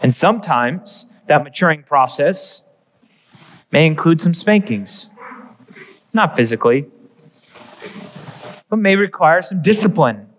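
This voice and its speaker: Earnest young pastor preaching in a church hall. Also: male voice, fairly high pitch, sing-song. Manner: earnest, emphatic preaching with dramatic pauses. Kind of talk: sermon. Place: church sanctuary. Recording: long reverb of a church hall.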